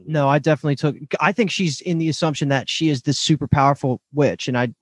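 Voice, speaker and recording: Male co-host, slightly high voice, dry sound, steady explainer. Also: fast talker, slightly rough, dry recording. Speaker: podcast co-host. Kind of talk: casual recap chat.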